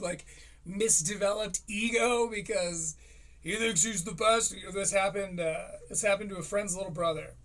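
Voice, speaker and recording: A man's voice: high voice, unhurried. A man in his thirties giving rambling, profane comedic commentary on a live stream. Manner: rambling, profane, animated impressions.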